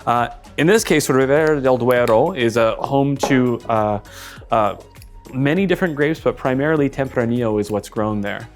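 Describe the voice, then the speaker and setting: A man hosting a wine tasting, talking through a glass in a relaxed, thinking-aloud way with frequent filler sounds. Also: medium pitch, normal speed, over music. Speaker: wine taster for a wine seller. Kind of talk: casual product tasting talk.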